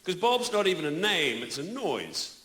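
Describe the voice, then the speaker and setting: A New Zealand-accented man in his forties works a live crowd with a bouncy, high-pitched delivery and lots of swoops in his voice. He sounds wry and mock-indignant, often laughing along with himself. His voice echoes around the club room, over a steady noise. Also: moderate pace. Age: 40s. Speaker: stand-up comedian. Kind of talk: stand-up comedy set. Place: comedy club stage before a live audience.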